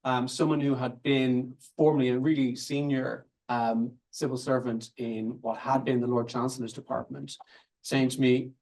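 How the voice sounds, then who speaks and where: A man's voice: medium pitch, level tone, moderate pace, a little mellow. A man giving an academic seminar talk in a conversational way, thinking aloud and restarting phrases as he goes. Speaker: invited academic speaker. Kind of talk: academic lecture, loosely following slides.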